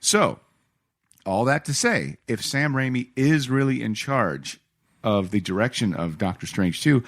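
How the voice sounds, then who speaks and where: A man chatting on a comic book podcast, his pitch rising and falling in a lively way. He talks casually, swears freely and breaks into joke voices. The sound is dry and close, with no room echo. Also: unhurried. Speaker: podcast co-host.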